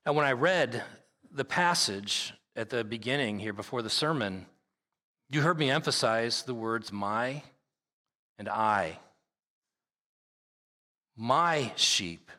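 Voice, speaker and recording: A man's voice: on the low side, sharp tone. A man preaching a sermon as pastor, reading scripture aloud and stressing his points by repeating them. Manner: emphatic preaching with repeated phrases; reads scripture aloud at length. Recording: long hall reverb.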